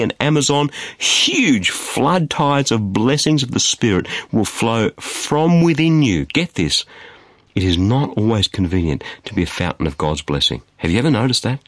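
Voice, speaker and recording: A man preaching a sermon in an emphatic, animated way, repeating phrases for stress. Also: medium pitch, no room sound, studio quality. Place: studio.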